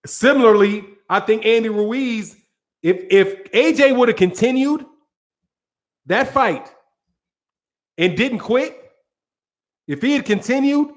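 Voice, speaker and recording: A man hosting a boxing channel, talking casually in a live-stream style, animated and slangy, laughing often and acting out what fighters said. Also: extremely high pitch, slow, long pauses.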